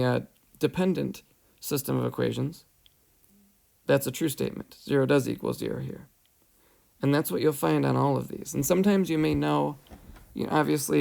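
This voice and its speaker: Gravelly male math teacher. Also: medium pitch, darkish tone. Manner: patient, explains step by step, asks "right?". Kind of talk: whiteboard math lesson. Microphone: headset or tablet mic, voice-over screencast.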